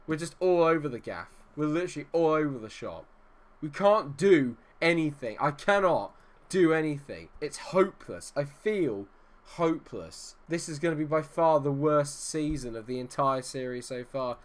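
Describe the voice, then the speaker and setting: A man hosting his own gaming channel, giving live commentary over a management game in an exasperated, self-deprecating, rambling way. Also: fairly high pitch.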